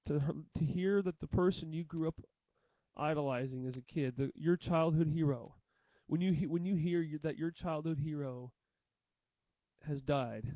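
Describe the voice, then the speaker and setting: A young man talking to the camera in an emotional tribute monologue, halting and often repeating himself. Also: a little high, dry recording, muffled recording. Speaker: vlogger.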